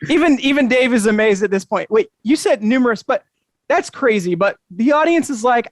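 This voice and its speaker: A man's voice: extremely high pitch, expressive, fairly quick, no echo, studio quality. A man hosting an interactive magic show over a video call, talking to the audience with upbeat, enthusiastic patter. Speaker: magician and host.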